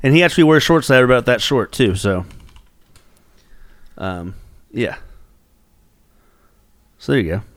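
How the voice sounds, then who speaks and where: A man's voice: mid-range voice, expressive, unhurried, long pauses, a bit bright, no echo. A man co-hosting a podcast in casual banter, blunt and profane, teasing his partner. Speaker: podcast co-host.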